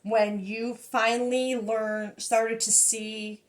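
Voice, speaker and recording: Woman tarot reader with a high voice, talking casually to camera; excitable, gushing, breaks into laughs and half-finished phrases. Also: takes it slowly. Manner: excitable and emotional, laughing, trailing off into fragments.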